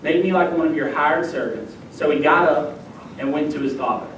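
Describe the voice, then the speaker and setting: A man's voice: moderate pace, fairly bright tone. A young man, a youth minister preaching a sermon and telling a personal story, acting out the voices he quotes. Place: church sanctuary. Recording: echoey church hall, distant mic, faint rumble.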